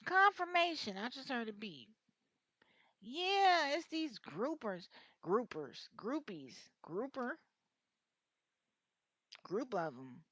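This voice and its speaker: A tarot reader gives a casual reading, her speech blunt, slangy, openly vulgar and full of cussing, rambling along with frequent restarts. Her voice is a little high, a bit bright and sing-song, and she goes slowly with many pauses. There's no room sound.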